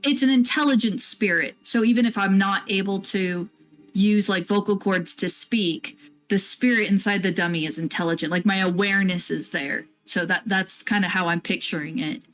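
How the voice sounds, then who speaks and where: A woman's voice: mid-range voice, moderate pace, fairly bright tone, faint music behind. A woman playing a tabletop game, giggly and eager, full of filler words. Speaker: player. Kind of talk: casual tabletop play.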